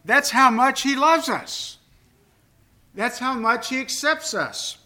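A man's voice: very high-pitched, animated, slow pace, bright, forceful tone. An older man preaching a sermon, earnest and emphatic, with personal asides. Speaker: pastor.

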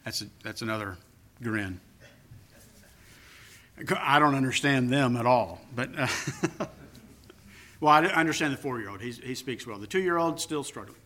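A man's voice: medium pitch, animated, moderate pace, pauses often, sharp tone. An older man preaching a sermon, earnest and emphatic, with personal asides. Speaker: pastor.

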